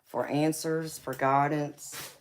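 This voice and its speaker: Her voice sits low and her delivery is flat as she hosts a live tarot stream, chatting with viewers in a slow Southern drawl and calling them baby. There's a lot of noise in the recording.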